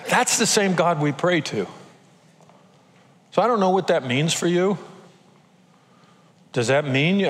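A man's voice: on the high side, a bit bright. Older man preaching in a reverberant church. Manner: conversational and emotional, acting out quotes. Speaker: pastor. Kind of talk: sermon. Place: church auditorium. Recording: long hall reverb.

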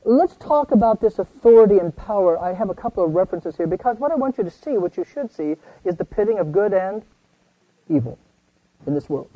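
An older man with a fairly high voice leads a Bible study, tossing questions to his listeners before answering them himself. He reads scripture slowly and with weight. The recording is dry and a little dull. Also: expressive, no room sound. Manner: folksy, asks the class questions and answers himself. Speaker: Bible teacher. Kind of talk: conversational Bible study teaching.

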